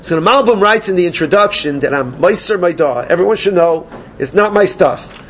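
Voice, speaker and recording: A man teaching a Gemara class, animated and questioning his students. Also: high-pitched, fairly quick, a little hiss or hum. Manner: animated, questioning students, mixes Yiddish and Hebrew terms. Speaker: Talmud teacher.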